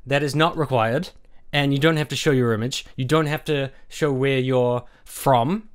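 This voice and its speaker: Brief: an irate man vlogging a cursing, sarcastic rant, middle-pitched voice. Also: fairly even intonation, normal speed, smooth. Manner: angry, sarcastic, heavily profane. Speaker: YouTuber. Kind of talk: profane rant vlog.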